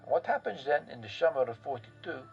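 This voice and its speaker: A man's voice: fairly high pitch, expressive, fast talker, vocal fry, a little mellow, lo-fi sound, soft background music. A man telling history in a casual, profane, rambling way full of fillers and restarts. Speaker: history podcast host.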